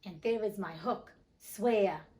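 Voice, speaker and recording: A woman's voice: medium pitch, slow pace, dark tone, distant mic, natural voice. A woman reading the part of a theatrical male pirate captain who speaks in dramatic, old-fashioned pirate talk. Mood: scheming. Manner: dramatic, archaic pirate speech.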